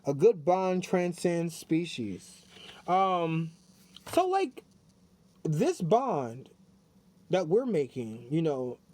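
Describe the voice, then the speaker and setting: A man's voice: a little high, lively intonation, slow, darkish tone. A man doing a casual spiritual tarot card reading, chatty and repetitive, talking straight to his viewers. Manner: chatty, repeats himself, talks straight to viewers. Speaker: tarot reader.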